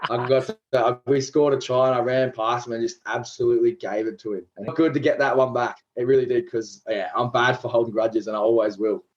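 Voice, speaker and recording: A man's voice: medium pitch, steady tone, a little fast, hardly any pauses, lo-fi sound. An Australian man in his twenties, a pro rugby league player chatting casually as a podcast guest, loose and self-deprecating. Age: 20s.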